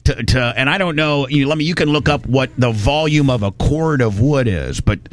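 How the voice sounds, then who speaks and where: A man's voice: mid-range voice, normal speed. A man from Indiana, telling a rambling, folksy story in casual chat. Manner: rambling, folksy, animated when quoting people.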